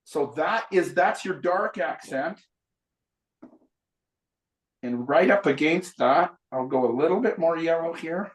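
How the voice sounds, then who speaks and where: A man's voice: on the high side, takes it slowly, long pauses. A man giving a live painting lesson, chatting and explaining each step while he paints. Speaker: painting instructor. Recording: roomy echo.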